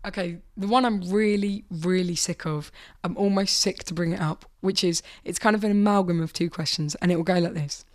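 Animated British woman comedian. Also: medium pitch, fairly quick. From Britain. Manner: animated, acts out quoted voices. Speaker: comedian guest. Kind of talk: casual interview chat.

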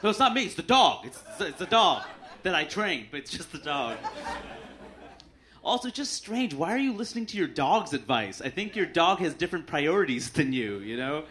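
Male stand-up comic, dry deadpan delivery, slightly high voice, live club recording with clear crowd noise. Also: normal speed. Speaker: stand-up comedian. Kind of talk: stand-up set. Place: comedy club stage with audience laughter.

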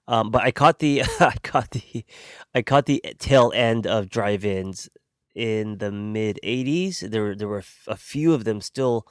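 A man's voice: fairly low pitch, dry recording, studio quality. A man in his forties with a nasal, stuffed-up voice from allergies, sniffling as he rambles casually through a podcast monologue with lots of fillers. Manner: rambling, self-deprecating, many fillers and restarts. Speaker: podcast host, therapist. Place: lying down at home.

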